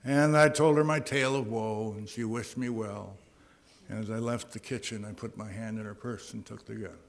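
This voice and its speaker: A man's voice: fairly low pitch, fairly even intonation, moderate pace, vocal fry. A middle-aged man telling his personal recovery story from a podium, earnest and at times wry. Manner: earnest storytelling with dry humor. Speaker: recovery meeting speaker.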